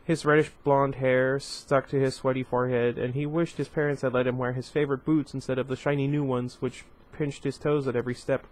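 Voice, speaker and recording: A man with a slight lisp reading a novel aloud at a middling pitch. He drops in chatty little asides between passages in a casual home reading. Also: flat delivery, a little fast, hardly any pauses. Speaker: book reader.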